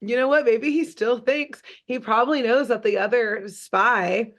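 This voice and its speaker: A woman's voice: on the high side, steady tone, a little slow. A woman co-hosting a podcast, riffing playful jokes in casual chat about a cartoon. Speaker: podcast co-host.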